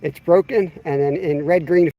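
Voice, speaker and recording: The audio is narrow and tinny as this fishing livestream host, a man in his fifties, chats casually outdoors by the water. He talks at a normal speed in a slightly high voice, rambling and self-mocking, with a tripod-mounted camera as his microphone.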